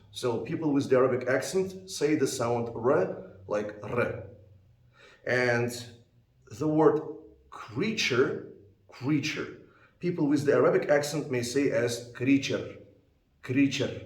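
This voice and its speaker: A man explaining pronunciation to learners in a calm, patient teaching voice. He repeats example words slowly and clearly, in a medium-pitched voice. The sound has a noticeable room echo. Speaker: English test teacher. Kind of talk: explanatory lesson.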